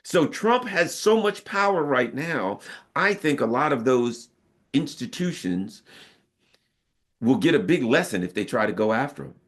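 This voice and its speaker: Animated American man talking politics. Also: medium pitch, a little slow. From United States. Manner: animated, emphatic, with frequent rhetorical asides. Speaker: political commentator. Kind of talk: casual political talk.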